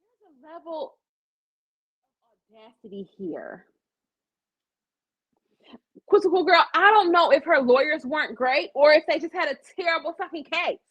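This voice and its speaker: A woman's voice: sits high, expressive, moderate pace, pauses often, fairly bright tone, low-quality recording. A woman hosting a casual live-stream commentary show, blunt and profane, acting out the quotes she tells.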